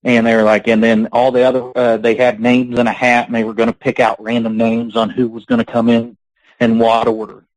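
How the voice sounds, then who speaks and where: A man's voice: medium pitch, completely flat delivery, fairly quick, dry recording, low-quality recording. A man being interviewed on a podcast, telling long rambling stories and laughing between them. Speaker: guest, pro wrestler. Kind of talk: casual podcast interview storytelling.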